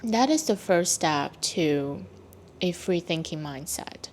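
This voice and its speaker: A woman creator speaking in a thoughtful, reflective monologue, pausing and restarting as she works through her ideas. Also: on the low side, expressive, darkish tone, slight background noise. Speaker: video creator.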